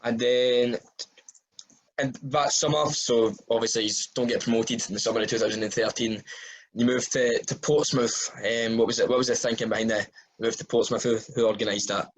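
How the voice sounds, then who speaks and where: A man's voice: medium pitch, fairly even intonation, fairly quick, low-quality recording. A Scottish man interviewing a guest, asking short follow-up questions and laughing along. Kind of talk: casual interview.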